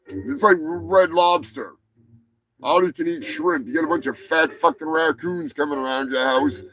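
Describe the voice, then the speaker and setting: A show host with a slightly high, pushed and bright voice talks at normal speed over faint music on a rough recording. His live news rant about odd animal stories is full of swearing, rambling detours, and mid-sentence laughter.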